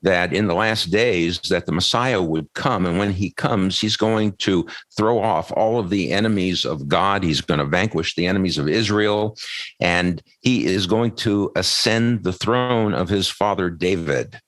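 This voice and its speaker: A very deep-voiced American man co-hosting a podcast, his talk measured and explanatory as he works through a Bible passage. The sound is dry and close, with no room in it. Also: a bit bright, no echo. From United States. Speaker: podcast co-host. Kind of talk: casual Bible discussion.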